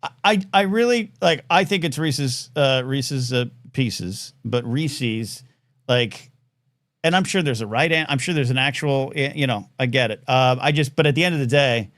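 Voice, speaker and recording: A man hosting a live call-in talk show at a mid pitch, rambling excitedly and restarting his sentences. His voice sounds close and dry, with no room around it. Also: normal speed, no room sound. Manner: rambling, animated, stammering restarts. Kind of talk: casual call-in show chat.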